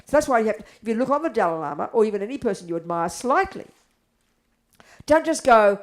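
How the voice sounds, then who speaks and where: An older woman teaching Buddhism to an audience, blunt and animated, asking rhetorical questions. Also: a little high, fast talker. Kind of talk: dharma talk to an audience.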